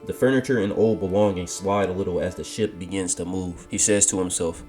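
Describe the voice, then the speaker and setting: A deep-voiced man narrates a scripted fan story, laying out each move of a fight in steady, blow-by-blow sentences. Loud music runs underneath the whole reading. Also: normal speed, few pauses. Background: background music.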